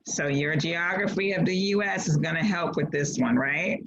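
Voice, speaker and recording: A woman's voice: deep voice, normal speed, a bit bright. A woman teaching a class over a video call, playful and encouraging, reading out clues. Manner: playful, encouraging, laughs often. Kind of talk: online class lesson. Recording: dull lo-fi video call audio.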